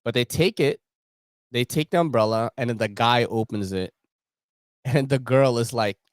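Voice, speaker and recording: At medium pitch and a moderate pace, with no echo, a young man from the Philippines hosts a livestream. He chats casually, using slang and laughing as he tells his stories with animation.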